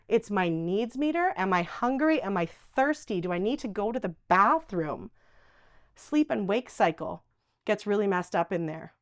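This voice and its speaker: A woman leading a live dementia education workshop, talking lively and acting out the voices of people she quotes. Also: medium pitch, dry recording, studio quality. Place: workshop room.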